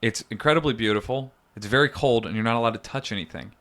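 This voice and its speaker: A man's voice: mid-range voice, quick pace, a bit bright. A man co-hosting a podcast in a studio, rambling and joking as he tells stories. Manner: rambling, jokey storyteller. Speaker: podcast co-host. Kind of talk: casual chat.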